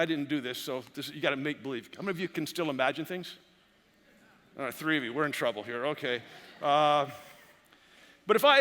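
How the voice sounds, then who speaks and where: A man preaching a sermon as a pastor, animated and full of repeated words and restarts. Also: on the high side, big-room sound. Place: church sanctuary.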